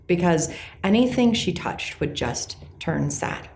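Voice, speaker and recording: Middle-aged woman, lowish voice, earnest reflective vlogger, soft delivery. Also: expressive, gravelly, a little hiss or hum. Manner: gentle and earnest, slowing on key words. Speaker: class teacher sharing personal reflections. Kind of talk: reflective personal talk to camera.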